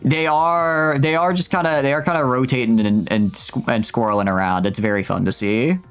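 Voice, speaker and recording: A man streaming a video game live, joking with his chat in an animated, rambling way and often stammering and restarting his sentences. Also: medium pitch, moderate pace, clear, resonant tone. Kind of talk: live gameplay commentary. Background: faint game music.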